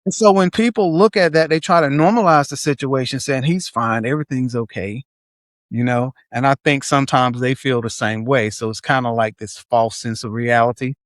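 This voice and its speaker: Male interview guest, reflective and candid, mid-pitched voice, dry close recording. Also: moderate pace, no room sound. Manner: reflective, candid, speaks in short phrases. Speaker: guest, father. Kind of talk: casual interview chat.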